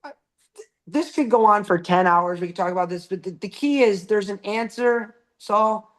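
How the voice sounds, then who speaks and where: A middle-aged man in a casual podcast chat, telling lively anecdotes about selling shower doors and acting out the quotes, swearing now and then. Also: sits high, normal speed. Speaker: shower door salesperson.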